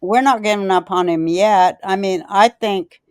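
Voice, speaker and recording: Woman host, smooth clear voice, dry close sound, rambling, profane, blunt storytelling. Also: medium pitch, measured pace, darkish tone, no echo. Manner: rambling, profane and blunt, loses her thread. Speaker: podcast host. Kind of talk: casual rambling storytelling chat.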